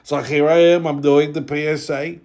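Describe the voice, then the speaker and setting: A man's voice: on the high side, flat delivery, moderate pace, darkish tone, natural voice. A man putting on Kosher Moish, kvetching comic. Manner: kvetching, wisecracking. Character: brash older Jewish man, kvetching comic character. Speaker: recurring comic character.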